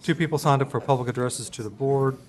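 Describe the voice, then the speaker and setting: A man's voice: medium pitch, fast, a crowd in the background. A man on a county board's staff explaining meeting business, hesitant, with frequent ums and restarted words. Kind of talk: official meeting procedure.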